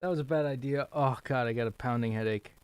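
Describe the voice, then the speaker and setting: A man's voice: mid-range voice, quick pace, a little mellow, clear, resonant tone. A man talking casually to himself while he practices, feverish and out of breath, with self-deprecating asides. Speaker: musician practicing on camera.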